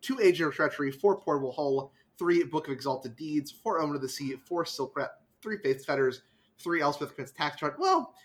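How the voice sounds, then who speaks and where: Man, podcast host, casual card game chat, slightly high pitch, animated, quick self-corrections.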